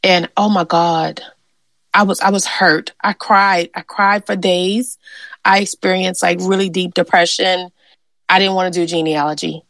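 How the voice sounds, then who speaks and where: A woman's voice: lowish voice, fairly even intonation, moderate pace, creaky, fairly bright tone, no echo, poor audio. A woman from Louisiana telling personal family history stories in an interview, earnest and conversational with many fillers. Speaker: genealogist and interviewee.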